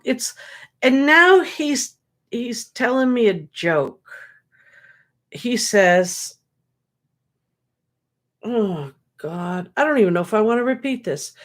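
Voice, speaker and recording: Psychic lady on a livestream, kinda high voice, slow and rambly, tired. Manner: rambling, relays spirit messages and jokes, laughs easily. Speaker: psychic medium hosting a livestream. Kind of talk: casual livestream chat. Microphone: webcam or computer mic.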